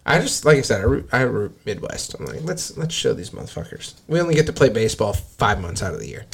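A man's voice: medium pitch, big pitch swings, fast, creaky, slightly rough. A man co-hosting a podcast, chatting casually about sports, joking and swearing as he goes. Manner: joking, profane, quotes himself in a voice. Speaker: podcast co-host. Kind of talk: casual chat.

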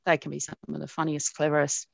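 A middle-aged woman with an Australian accent and a low voice, recalling her upbringing in a lively, story-driven way. She laughs often as she talks. The recording is close and dry. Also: fast talker, gravelly, no echo. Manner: animated storytelling with frequent laughs. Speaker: broadcast journalist, interviewee. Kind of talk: reminiscing in an interview.

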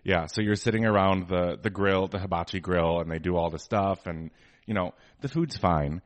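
A man's voice: low-pitched, moderate pace, no room sound. A man co-hosting a podcast, chatting casually and giving opinions, with lots of fillers. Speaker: podcast co-host. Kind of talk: casual chat.

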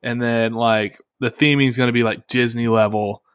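Male co-host, mid-pitched, playful and curious, dry close recording. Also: steady tone, moderate pace, smooth, dry recording. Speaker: podcast co-host. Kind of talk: casual podcast chat.

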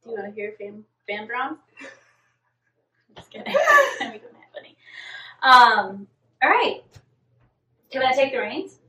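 A woman co-hosting a podcast, chiming in with quick, joking remarks in casual chat. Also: a little high, huge pitch swings. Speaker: podcast co-host. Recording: echoey room, far from mic, noisy.

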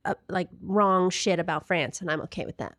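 A woman hosting an improvised comedy podcast, excitable and profane, jumping in with quick interjections. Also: fairly low pitch, dry recording, studio quality. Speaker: podcast host.

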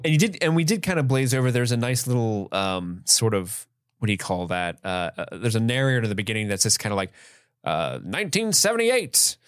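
A man co-hosting a podcast, playful and quick to laugh, with halting fillers as he talks about a movie. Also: fairly low pitch, lively intonation, clear, resonant tone, no room sound, clean studio sound. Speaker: podcast co-host. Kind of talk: casual movie review chat.

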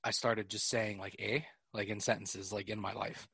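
A man with a New York accent, hosting a casual podcast chat, animated and laughing often. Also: on the low side, moderate pace, creaky, husky, dry recording, clean studio sound. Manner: animated, laughing, swearing freely. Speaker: podcast host.

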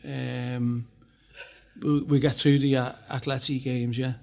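A man's voice: medium pitch, flat delivery, slow pace, creaky, crowd noise. A man hosting a casual football chat, rambling with many fillers and restarts. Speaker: host.

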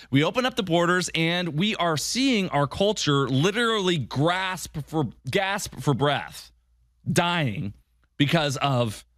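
A man's voice: fairly high pitch, fairly bright tone, no echo, studio quality. A man hosting a political podcast, delivering an emphatic commentary monologue full of rhetorical questions. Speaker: podcast host.

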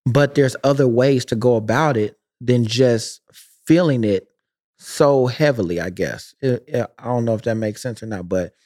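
A man co-hosting a podcast, speaking slowly and softly and thinking things through, close to the microphone. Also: medium pitch. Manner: slow, soft-spoken, reflective, close to the mic. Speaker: podcast co-host. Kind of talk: casual podcast chat. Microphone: close to the mic.

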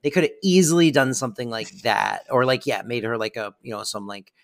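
A man co-host rambles through his thoughts on an episode, filling his sentences with "like" and laughing easily. His voice sits at a middle pitch and his delivery is loose and conversational. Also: a little fast, gravelly, no room sound. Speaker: podcast co-host. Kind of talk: casual TV episode recap chat.

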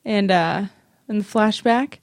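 A woman of middle pitch trading quick, teasing remarks in casual chat. She keeps her answers short and wry. The recording is close and dry. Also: dry recording. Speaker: podcast co-host.

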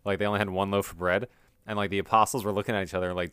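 A man's voice: sits low, level tone, racing, fairly bright tone, clean tone, no room sound. A man co-hosting a casual faith podcast, loose and self-deprecating, laughing at his own slips. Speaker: podcast co-host.

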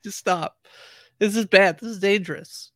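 A man's voice: sits high, moderate pace, a bit bright, no echo. A man co-hosting a podcast in casual recap chat, hesitant and easygoing with many fillers. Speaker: podcast co-host.

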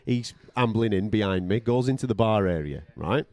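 A man with a low, mellow voice tells a rambling story on a casual podcast. He is blunt and profane and acts out each person's lines. The sound is dry and close. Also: expressive, normal speed, no room sound. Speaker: podcast co-host and radio boxing commentator. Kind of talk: casual anecdote-telling chat.

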